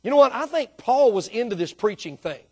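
A man preaching a sermon, emphatic, swinging from quiet explanation to loud drawn-out emphasis. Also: extremely high pitch, lively intonation, husky. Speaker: pastor.

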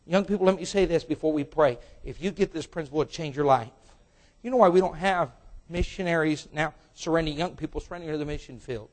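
A man with a high voice preaches an emphatic sermon. He tells a story with playful voices for its people, jumping to shouted bursts and falling back to a hushed close. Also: quick pace. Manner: acts out characters with sudden loud high bursts.

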